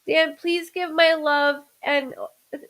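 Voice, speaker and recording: Choked-up woman host, slow and high. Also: steady tone, a bit bright, low-quality recording. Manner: emotional, apologetic, talks through tears. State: choked up and stuffed up. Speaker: livestream host. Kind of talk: live-stream chat with viewers.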